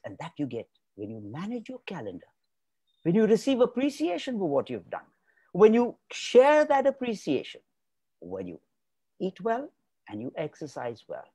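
A man delivers a motivational talk as a guest expert, his pitch swinging widely as he repeats key words for emphasis. The sound is dry and close, with almost no room echo. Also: dark tone. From India.

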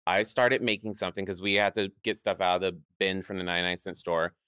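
A man's voice: deep voice, steady tone, fast, pushed and bright, clear, resonant tone, no room sound, clean studio sound. A man telling stories as a guest in an interview, acting out quoted voices and laughing often. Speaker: guest, drag performer. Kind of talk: storytelling interview chat.

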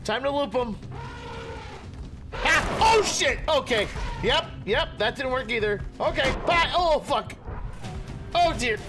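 Goofy high-voiced man gaming. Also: expressive, slow, pauses often, music in the background. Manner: goofy, talks to animals, sings and yelps. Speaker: gaming streamer. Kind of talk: playful let's-play commentary.

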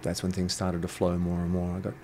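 This interview guest, an intuitive coach, delivers his stories in a completely flat, low-pitched voice with a darkish tone and a brisk pace. He's blunt, provocative, and swears without restraint, and a little hiss or hum sits under the recording.

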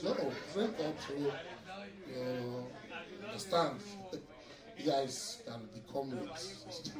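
Nigerian guy doing crowd work on a club stage, high voice, echoey and kinda far off, crowd roaring behind. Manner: teasing, laughing, shouting to the crowd. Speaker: stand-up comedian. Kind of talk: live stand-up crowd work. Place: noisy nightclub stage. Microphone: handheld mic. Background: crowd laughing and cheering.

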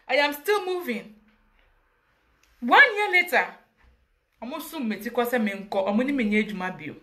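Ghanaian woman, high bright voice, emphatic and passionate as an interview guest. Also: expressive, normal speed, pauses often. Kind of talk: emotional personal account.

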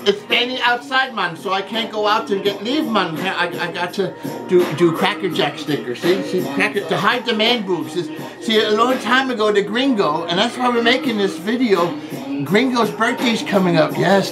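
A man voicing a jokey male character called Cotton Man, who rambles, keeps saying "man" and "see", and shouts greetings in a homemade birthday video. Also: high-pitched, expressive, moderate pace, music in the background. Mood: rambling cheerful.

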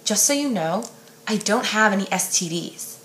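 A woman reading as a gruff teenage boy. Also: normal speed, a little hiss or hum, natural voice. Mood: annoyed. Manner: low, hushed, annoyed. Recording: echoey room.

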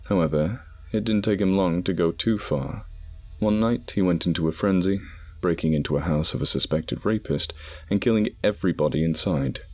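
A man narrating a scripted horror story in a measured, dramatic way. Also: deep voice, darkish tone. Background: background music.

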